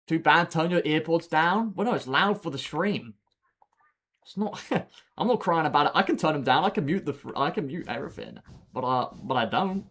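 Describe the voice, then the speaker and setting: A man's voice: on the high side, lively intonation, normal speed, a bit bright. Joking young man streaming a game. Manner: joking, boastful, answering chat. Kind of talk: casual live-stream chat. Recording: clear background noise.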